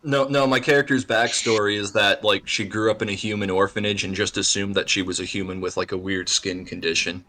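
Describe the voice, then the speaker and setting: A man's voice: on the low side, steady tone, fairly quick, few pauses, sharp tone. A man playing a tabletop game, chatty and agreeable in casual talk. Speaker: player.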